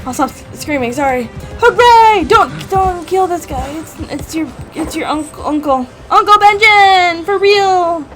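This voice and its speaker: High-pitched woman doing a reaction video, gasping and yelling at the screen, faint music behind. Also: a little slow, hardly any pauses. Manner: excitable, gasping, talking to the screen. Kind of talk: casual reaction commentary.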